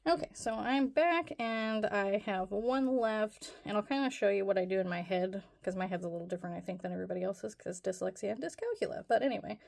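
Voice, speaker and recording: A woman's voice: mid-range voice, a little fast, vocal fry, few pauses, darkish tone. Chatty woman teaching crochet. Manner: rambling, self-deprecating, chatty with fillers. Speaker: crochet tutorial host. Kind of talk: casual tutorial talk.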